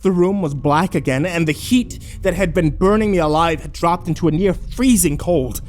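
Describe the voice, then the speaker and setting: A man narrating a horror story in first person, dramatic and tense, building suspense. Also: on the high side.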